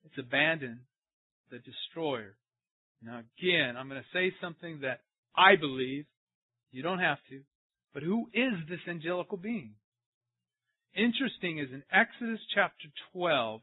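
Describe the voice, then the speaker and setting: A man's voice: on the high side, moderate pace, slightly rough, no echo. A man preaching a sermon and asking his congregation questions as he goes. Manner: animated, asks the congregation questions. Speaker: pastor. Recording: tinny, phone-like sound.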